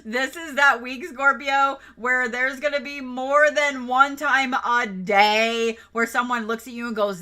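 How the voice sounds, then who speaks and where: A woman's voice: high voice, measured pace, pushed and bright. A woman giving casual zodiac card readings on a livestream, chatty and playful, swearing and giggling as she goes. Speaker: reiki practitioner and tarot reader.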